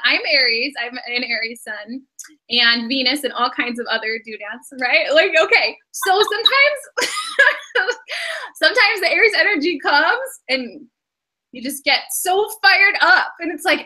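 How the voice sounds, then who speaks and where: A woman's voice: sits high, expressive, a little slow, bright, forceful tone. A woman giving a casual tarot and astrology reading, chatty and often breaking into giggles. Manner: giggly, chatty, many fillers.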